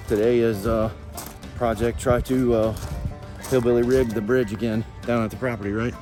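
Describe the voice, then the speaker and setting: A man's voice: mid-range voice, level tone, normal speed, over music. A man hosting his vlog, talking casually and rambling through his plans with plenty of fillers. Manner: rambling, with many fillers and restarts. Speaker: vlogger host.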